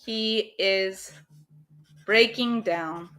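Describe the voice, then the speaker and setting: A woman teaching English in a live online lesson, explaining phrasal verbs slowly and carefully and encouraging her students. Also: mid-range voice, a bit bright.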